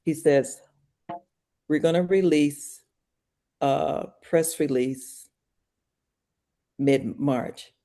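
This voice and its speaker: Soft music plays in the background as an older podcast guest tells an animated tale in a casual interview, acting out all the voices from quiet murmurs to shrieks. Her low-pitched delivery is very slow, with long pauses.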